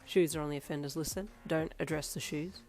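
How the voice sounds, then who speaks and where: A woman voicing a protective, teasing young man who speaks in a low, provocative tone. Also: steady tone, a little fast, a little mellow, soft background music.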